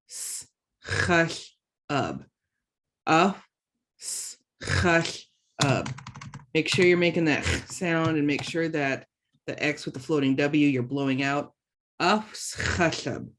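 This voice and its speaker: A woman teaching an online language lesson, saying each word slowly and twice, and chatting casually between the drills. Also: a bass voice. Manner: slow, careful pronunciation drills with repeated words.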